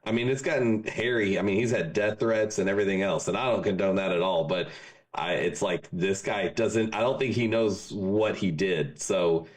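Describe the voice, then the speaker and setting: A man's voice: sits low, normal speed. A man in his forties from Texas, a podcast guest in casual chat, an easygoing, jokey storyteller. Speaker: podcast guest, marketing consultant.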